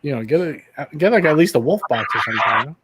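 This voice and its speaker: A man's voice: medium pitch, lively intonation, fast, very noisy. A man on a casual livestream talking frankly and rambling, with lots of fillers.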